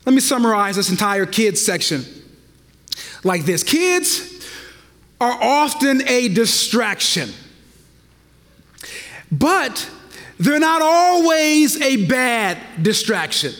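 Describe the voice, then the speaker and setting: A man preaching a sermon as pastor, swinging between loud passionate stretches and hushed, drawn-out lines. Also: very high voice, sing-song. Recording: long reverb of a large hall.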